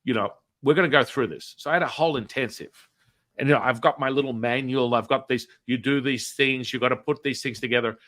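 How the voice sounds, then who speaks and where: A man hosts a podcast and tells a story at an ordinary middle pitch. He talks in a loose, chatty way, full of fillers and tag questions. When he quotes people, his voice leaps up in pitch and volume. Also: fast. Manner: acts out quoted dialogue with big swings in pitch and loudness. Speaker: podcast host. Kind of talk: animated storytelling.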